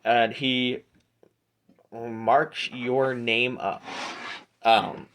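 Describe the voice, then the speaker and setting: Halting male game master. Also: medium pitch, level tone, a bit bright, slight background noise. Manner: halting, many fillers and restarts. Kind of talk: narrating a tabletop game.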